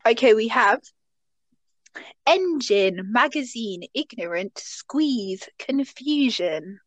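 Lively, giggly young woman. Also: on the high side, slow pace, dry recording. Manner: giggly, chatty, lots of "like". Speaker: podcast co-host. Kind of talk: casual chat.

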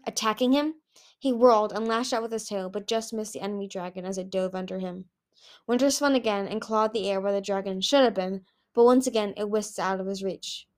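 A woman reading a fantasy novel aloud in a lively, expressive way. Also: medium pitch. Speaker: audiobook reader. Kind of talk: storybook reading.

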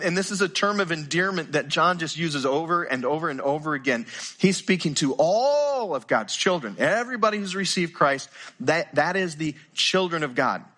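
An older man preaching a sermon in a bright, forceful voice that sits a little high for a man. He talks earnestly, stumbling over the first word of a sentence now and then. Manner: earnest, repeats words when starting sentences. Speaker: pastor.

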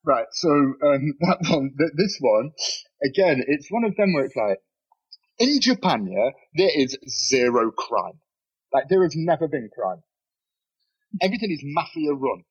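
Husky podcast guest, lively delivery, dull lo-fi recording. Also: male voice, fairly high pitch, measured pace. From Nottingham, England. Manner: animated, swears freely, laughs mid-story. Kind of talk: casual storytelling. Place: bedroom.

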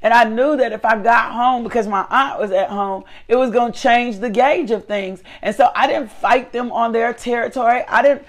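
Middle-aged woman preaching hard on her show, fired-up and repeating herself, voice sits a bit high. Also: moderate pace, hardly any pauses. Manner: fervent, emphatic, repetitive, exhorting. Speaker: host of a faith talk show. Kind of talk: preaching, motivational devotional talk. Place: her living room.

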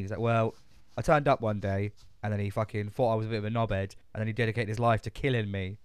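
A man co-hosting a casual film chat, rattling off the plot at a quick clip and slipping into the characters' lines as he goes. He swears freely and gets heated about the bits he dislikes. The sound is dry and close. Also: on the low side, clean tone, no echo. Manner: sweary, animated, acts out characters in quick asides. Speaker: podcast co-host.

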